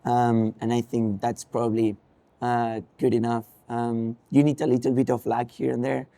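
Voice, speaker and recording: A man's voice: mid-range voice, little pitch movement, moderate pace, mellow, dry recording. A young man with a Spanish accent, a racing driver, answering interview questions thoughtfully with frequent ums and restarts.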